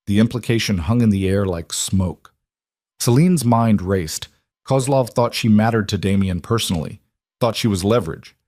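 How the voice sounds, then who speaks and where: A man narrating a dark crime story in a steady, grave, scripted manner. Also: low-pitched, moderate pace, dry recording, clean studio sound.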